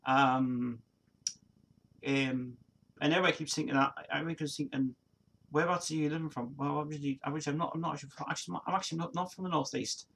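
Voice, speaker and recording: This gravelly-voiced East Midlands man, a Nottingham livestream host in his forties, rambles through a casual chat reading viewer comments. He restarts constantly, uses many fillers and laughs often. He talks fast, his tone steady, a little high and a bit bright.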